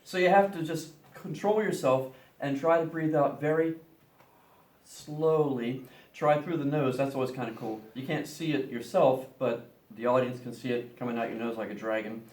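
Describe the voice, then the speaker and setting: A man's voice: mid-range voice, moderate pace, a little mellow. Playful man demonstrating science in an echoey classroom. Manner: playful, explains each step aloud. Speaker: science teacher. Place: classroom with students.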